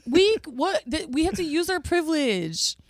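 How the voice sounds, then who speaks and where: Lively young woman joking on a podcast. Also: extremely high pitch. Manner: playful, joking, quick laughs. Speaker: podcast guest. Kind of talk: casual chat. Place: podcast studio. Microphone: studio mic.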